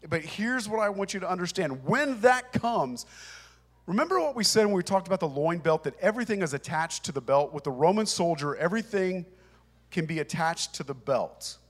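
A man's voice: high-pitched, big pitch swings, brisk. A man preaching a sermon to a congregation in a conversational, emphatic way. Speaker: pastor. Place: church with congregation.

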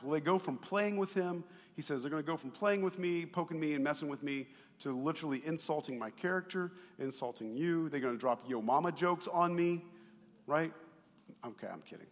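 A man preaching a sermon as pastor, animated and conversational, swinging between loud emphasis and quiet asides and asking the congregation questions. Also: on the high side. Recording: long hall reverb.

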